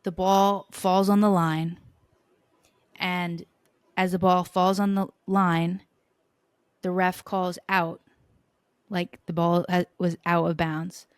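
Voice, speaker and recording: A woman with a slightly low voice hosting a podcast. She tells sports stories in an animated, playful way and swears casually. The sound is dry and close. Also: slow, long pauses, clear, resonant tone, dry recording. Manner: animated storytelling, profane and playful. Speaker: podcast host.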